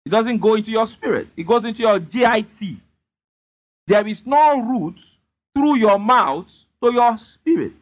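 A man's voice: sits high, expressive, measured pace. A man preaching a sermon as pastor, emphatically prompting the congregation to answer him. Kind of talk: sermon with call-and-response.

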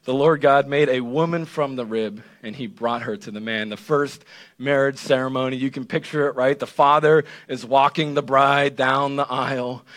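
A male pastor giving an animated, conversational sermon that keeps checking in with the listeners. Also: mid-range voice, moderate pace. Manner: animated, conversational preaching with frequent "right?".

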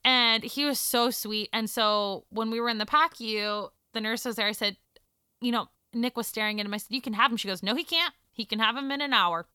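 Woman, 30s, chatty storyteller, bright crisp voice, animated with quiet hushed moments. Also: a little high, fairly quick, no room sound, studio quality. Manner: animated, drops to a hush for emotional moments. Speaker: guest telling her birth story. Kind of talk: casual storytelling chat.

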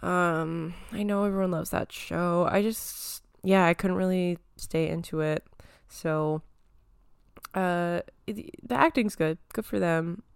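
A young woman talking through movie and TV news in a loose, rambling way, full of ums and little laughs. Her voice sits slightly low and comes across smooth and clean, with a touch of phlegm in the throat. It is recorded close and dry, with no room sound. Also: takes it slowly, dry recording. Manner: rambling, many fillers and giggles. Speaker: podcast host. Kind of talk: casual pop-culture chat.

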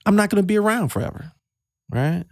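A man in his fifties, a father speaking with emotion in a casual podcast talk, halting and repeating words as he gets choked up. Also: sits high, lively intonation, no echo, studio quality. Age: 50s. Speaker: guest, host's father.

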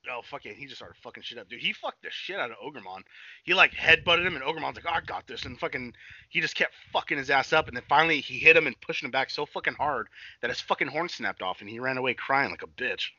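A young man chatting as a podcast co-host, swearing constantly and bursting into loud shouted quotes. His voice has a very bright, forceful edge. It is recorded dry, with a slightly dull, lo-fi sound. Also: mid-range voice, animated, quick pace, dry recording. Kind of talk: casual profane chat recapping a cartoon.

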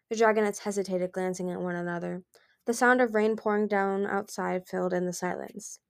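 Brief: woman reader, soft storybook narration, dry close mic. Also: medium pitch, fairly even intonation, fairly quick, gravelly, clear, resonant tone, dry recording. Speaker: audiobook reader.

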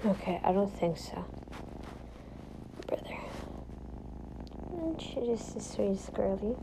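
A woman's voice: medium pitch, animated, slow, gravelly, background noise. A young woman vlogging casually from her college room at night, rambling and often dropping into whispers. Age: young adult. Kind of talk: casual late-night chat.

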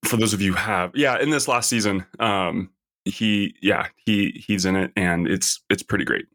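A man's voice: on the low side, normal speed, fairly bright tone. A man co-hosting a podcast, chatting casually and hesitantly with frequent ums. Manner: easygoing, hesitant with ums and restarts. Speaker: podcast co-host. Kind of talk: casual chat.

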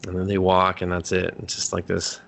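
Talking a little fast in a low-pitched voice with vocal fry, a man co-hosting a podcast runs through an anime plot in relaxed review chat. He swears plenty and acts out the characters' lines with lots of energy.

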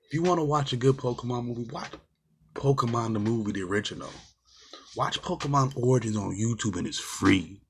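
A man's voice: medium pitch, fairly quick, slight background noise. A man giving a casual, exasperated movie review, rambling with fillers and swearing often. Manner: rambling with many fillers and restarts.

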